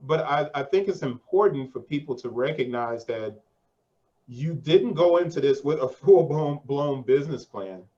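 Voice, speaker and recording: A man hosting a casual interview, talking in a relaxed, slangy way and often dropping "yo" and "man". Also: medium pitch, moderate pace, dull audio. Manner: slangy and conversational, says 'yo' and 'man'. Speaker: podcast host.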